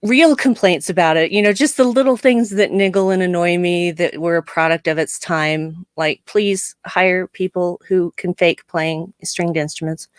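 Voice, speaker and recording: Woman, co-host, low-pitched, animated, laughs a lot, dry home-mic sound. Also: moderate pace, few pauses, clean tone, no room sound. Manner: chatty, animated, laughs often. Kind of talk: casual live-stream chat.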